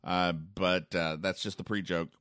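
A man's voice: low voice, little pitch movement, measured pace, a bit bright, smooth, no echo, studio quality. A man giving casual spoken commentary on the Sunday comics, rambling and sarcastic, with many fillers and restarts. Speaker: comics reviewer.

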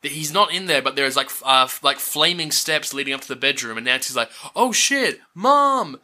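Man, podcast co-host, mid pitch, very bright timbre, wry casual chat. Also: fast. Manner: dry, wry asides, swearing. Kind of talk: casual film recap chat.

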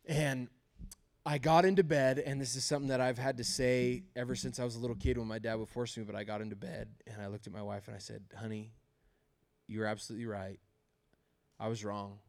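A man's voice: lowish voice, fairly even intonation, brisk, darkish tone. A male pastor preaching a sermon, telling humorous, self-deprecating stories about his marriage and laughing often.

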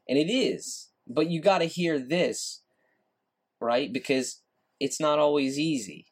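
A man's voice: medium pitch, a little slow, breathy edge. Frustrated man ranting on a podcast. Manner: frustrated, repetitive, ranting, swearing. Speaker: podcast host. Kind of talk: casual solo podcast rant.

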